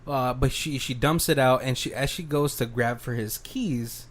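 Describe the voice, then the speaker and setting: A man's voice: medium pitch, moderate pace. A man co-hosting a podcast, casually recapping a horror film and acting out the characters' lines. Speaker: podcast co-host.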